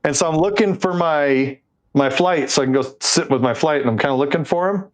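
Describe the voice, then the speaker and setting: Male podcast co-host, animated storyteller, slightly high voice. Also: fairly quick. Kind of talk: casual chat, storytelling.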